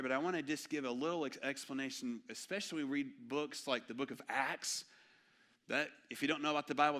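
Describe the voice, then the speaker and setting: A man, preaching an animated, joking sermon in a church. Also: mid-range voice. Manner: storytelling, animated and jokey. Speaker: pastor. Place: church sanctuary.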